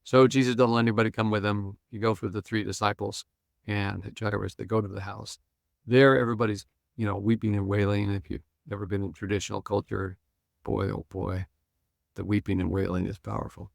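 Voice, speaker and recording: An older man with a low, gravelly voice retells scenes as a guest scholar and pastor. He slips into the characters' lines and chuckles as he talks. The sound is close and dry. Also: little pitch movement, fairly quick, no echo. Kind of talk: animated storytelling on a podcast.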